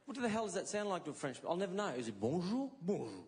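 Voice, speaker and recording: Racing along in a high voice, a middle-aged Australian man performs a live stand-up set, telling stories and slipping into animated impressions of the people in them. The crowd is noisy, and audience laughter fills the background.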